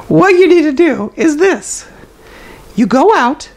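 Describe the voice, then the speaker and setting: Very high-pitched, very animated, and slow, a man's exaggerated voice brings a zany toilet paper roll puppet to life. The puppet hosts a comedic live stream, offering absurd life advice matter-of-factly and chatting with viewers amid hesitant fillers.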